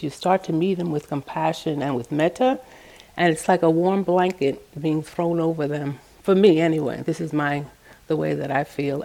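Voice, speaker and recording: A middle-aged woman giving a meditation talk, telling stories from her work in a gentle, storytelling way. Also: low voice. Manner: gentle, storytelling, acts out quoted voices. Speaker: meditation teacher. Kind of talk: dharma talk with personal stories.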